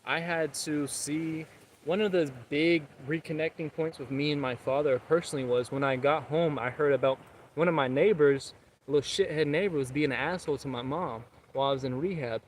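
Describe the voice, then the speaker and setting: A man's voice: a little high, fairly quick, slight background noise. A young man vlogging outdoors, talking about his recovery and encouraging viewers in an earnest, rambling way. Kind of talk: casual motivational talk. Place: outdoors, public area.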